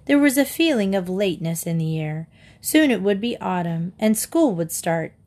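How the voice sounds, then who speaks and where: A woman's voice: medium pitch, a little mellow. Woman reading a children's book aloud. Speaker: storybook reader.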